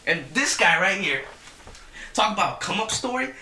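Excitable swearing man, echoey room. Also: high-pitched, moderate pace, recorded from a distance. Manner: excitable, heavy swearing, animated storytelling. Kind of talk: casual chat among friends.

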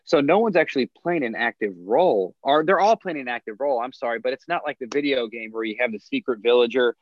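A man co-hosting a podcast in casual chat, rambling with lots of fillers and quick chuckles. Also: mid-range voice, expressive, no echo, dull audio. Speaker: podcast co-host.

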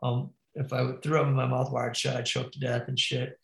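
A man's voice: mid-range voice, flat delivery, normal speed, gravelly, a bit bright, reverberant, rough recording. A man telling a wild crash story in casual, profane slang, calling the listener bro and dude. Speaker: podcast guest, BMX rider.

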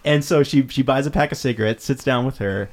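A man chats casually and tells his stories in a halting, reflective way, often stopping to restart a sentence. His voice is an ordinary mid-range male voice. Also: mid-range voice. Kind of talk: casual conversation.

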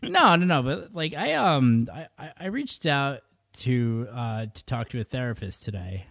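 Halting man with a lively pitch. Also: no echo, studio quality. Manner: hesitant, halting, swearing. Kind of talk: casual chat.

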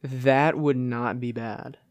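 A man's voice: mid-range voice, fairly even intonation, slow pace. A young man co-hosting a podcast, chatting casually in a rambling way, with lots of fillers and frequent laughs. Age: young adult. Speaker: podcast co-host. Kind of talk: casual chat.

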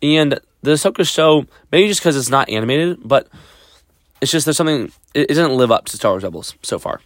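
A man's voice: a little high, animated, brisk, dry recording, clean studio sound. A man talking casually as a podcast host, rambling with many fillers and restarts. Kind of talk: casual solo review talk.

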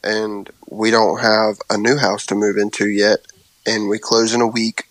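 A man in his thirties in a casual faith chat, speaking haltingly and openly about his worries, anxious. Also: on the low side, little pitch movement, a bit bright, no room sound, poor audio. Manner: halting, open about worry. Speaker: co-host.

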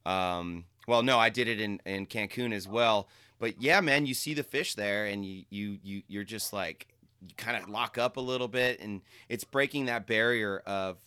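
A man's voice: on the low side, moderate pace, bright, forceful tone, smooth. A man hosting a casual chat, laid-back and laughing often, full of "bro" and "dude". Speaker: podcast host and fly fishing guide.

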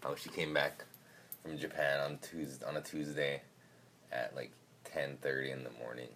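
A man's voice: rumbling low, flat delivery, moderate pace, fairly bright tone, a little hiss or hum. A man hosting a podcast, chatting casually and joking, swearing now and then, recorded in a car. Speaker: podcast host. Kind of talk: casual chat.

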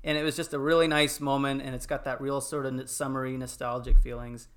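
A man in casual podcast chat, telling film moments with lots of fillers and animated retellings. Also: medium pitch, fast talker. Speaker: podcast panelist.

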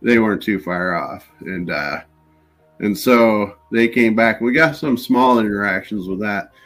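A man telling his paranormal investigation stories in a relaxed, anecdotal way, acting out the dialogue. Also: lowish voice, a little slow, soft background music. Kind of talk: casual storytelling in an interview.

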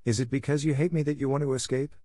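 A man voicing a sorrowful, gentle male beast in a storybook reading. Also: on the low side, lively intonation, a little fast, dry recording, studio quality, natural voice. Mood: pleading. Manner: doleful, pleading.

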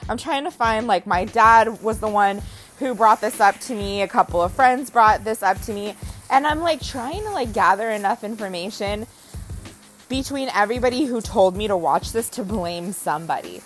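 A woman's voice: medium pitch, moderate pace, faint music behind, rough recording. A young adult woman vlogging in a casual, dramatic storytelling manner. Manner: dramatic, animated storytelling with acted quotes. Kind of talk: casual chat to camera.

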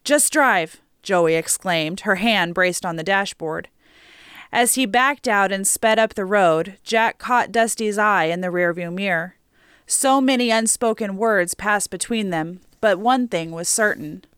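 A woman reading a story aloud as an audiobook narrator, steady and measured, on a close mic. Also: medium pitch, smooth, no room sound.

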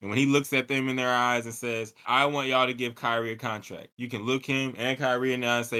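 A man co-hosting a casual sports show, his voice bright and forward. He talks loosely and profanely, acting out what players and owners might say. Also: medium pitch, quick pace, hardly any pauses, clear, resonant tone. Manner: animated, profane, acts out quoted lines. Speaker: podcast co-host.

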